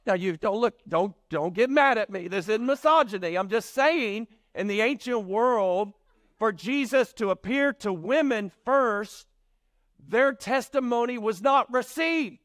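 A man preaching a sermon, telling the story in animated fashion and acting out the voices of its characters. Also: high-pitched, no room sound, clean studio sound. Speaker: pastor.

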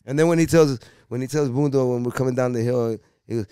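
A man in his fifties from Puerto Rico, an actor telling profane, animated stories as an interview guest. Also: medium pitch, quick pace, clear, resonant tone, dry recording, clean studio sound. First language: Spanish. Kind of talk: casual storytelling interview.

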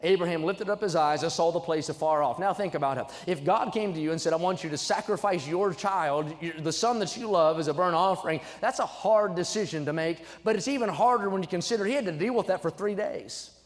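Young male preacher, fairly high voice, emphatic sermon delivery, reverberant sanctuary. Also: brisk, hardly any pauses. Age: young adult. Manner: emphatic, swings from low asides to loud exhortation. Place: church sanctuary. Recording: church sanctuary with long reverb.

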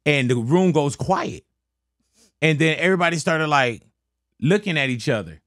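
A middle-aged man hosts a relaxed studio interview, full of slang and playful anecdotes. His voice climbs and dips a lot as he talks, and the room sounds dry and close. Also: fairly high pitch, moderate pace, no echo. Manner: laid-back, animated storytelling with slang. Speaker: radio host. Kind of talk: casual interview chat.

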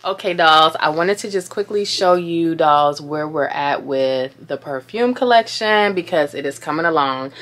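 A woman's voice: low voice, fairly bright tone. A young woman vlogging at home, chatting casually about beauty and perfume and calling her viewers dolls. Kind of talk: casual beauty vlog chat. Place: room at home, closet. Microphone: camera mic.

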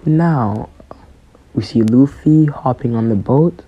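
A man's voice: medium pitch, takes it slowly, dark tone, slightly rough, highs cut off. A man casually narrating a fan-made story, hesitant and full of fillers.

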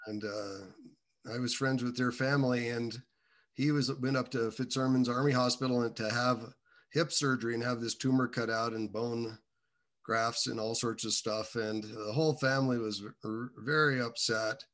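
Man, bright forceful tone, halting meandering testimony, casual storytelling. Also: medium pitch, steady tone. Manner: halting, meandering delivery with many restarts. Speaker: guest telling his faith testimony.

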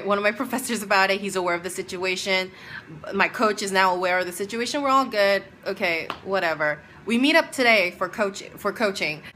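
Animated, exasperated young woman vlogger. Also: medium pitch, a little hiss or hum. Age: 30s. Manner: animated, exasperated storytelling with quoted dialogue. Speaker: doctoral music student and teacher. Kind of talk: casual vlog storytelling.

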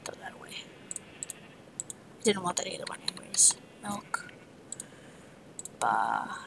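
A woman's voice: on the low side, very animated, slow, gravelly, rough recording. A woman narrating her own gameplay, muttering to herself in a half-whisper with frustrated outbursts. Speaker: gamer. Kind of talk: let's play commentary.

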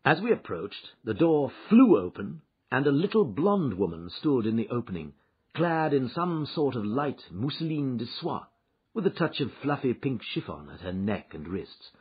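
A man reading a classic story aloud in a measured storytelling manner, as audiobook narrator. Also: mid-range voice, sing-song, breathy edge. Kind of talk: scripted narration. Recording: dull lo-fi recording.

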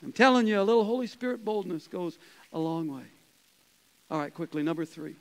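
A man, a pastor, preaching a conversational sermon, chuckling and dropping to soft quoted asides. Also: high-pitched, animated, brisk, poor audio. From Canada.

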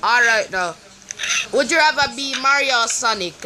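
A gaming video host giving playful, silly commentary while playing, with drawn-out chants. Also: mid-range voice, animated, sharp tone, a little hiss or hum. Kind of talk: casual gameplay commentary. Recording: game music clearly behind.

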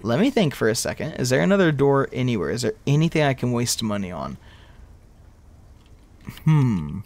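A man's voice: medium pitch, sing-song, moderate pace, a little mellow. A young man giving rambling live commentary over his own gameplay, talking to himself and breaking into exasperated outbursts. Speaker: gaming video creator.

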